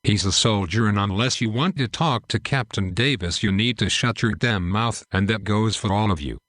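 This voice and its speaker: A man voicing a tough male sergeant who gives blunt, gruff orders in a war story. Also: fairly low pitch, normal speed, fairly bright tone, no echo, clean studio sound. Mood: stern.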